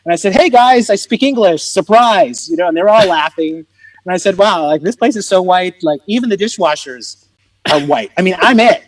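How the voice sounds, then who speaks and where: A man, a comedian and motivational speaker, telling stories in an animated way during a conversation, laughing often and acting out the people in them. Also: sits high, a little fast, dry recording, poor audio. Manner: expressive, laughing often, acts out voices in his stories.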